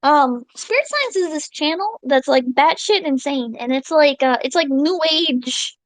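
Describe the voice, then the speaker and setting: A woman streaming live, chatting casually with her viewers in an excitable, rambling and profane way, reading out donations. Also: sits high, unhurried, no echo, poor audio.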